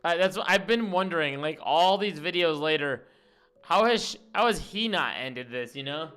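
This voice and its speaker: A man's voice: fairly high pitch, lively intonation, moderate pace, sharp tone, clear, resonant tone, soft background music. A man streaming and reacting to a video in casual chat, laughing and talking back to the clip in disbelief.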